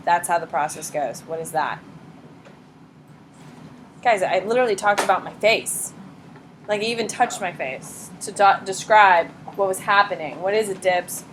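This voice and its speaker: A woman teaching a high school psychology class, blunt and lively, acting out examples in quoted voices. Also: moderate pace, long pauses, a little hiss or hum. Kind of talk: classroom lecture.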